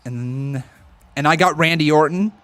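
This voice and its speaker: High-voiced, excitable streaming man. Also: a little slow. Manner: excitable fan reactions, reading chat donations. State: out of breath. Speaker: live-stream host. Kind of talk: wrestling watch-along commentary.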